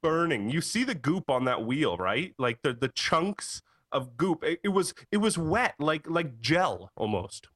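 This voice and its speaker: Man, animated and laughing, casual podcast chat, dry sound. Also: on the high side, a little slow, hardly any pauses, dry recording. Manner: animated storyteller, laughs often. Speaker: podcast host, computer repair tech.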